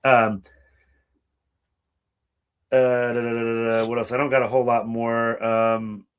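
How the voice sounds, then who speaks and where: A man co-hosting a podcast, chatting casually and profanely, laughing and dropping quick impressions. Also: mid-range voice, level tone, smooth. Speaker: podcast co-host. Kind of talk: casual chat.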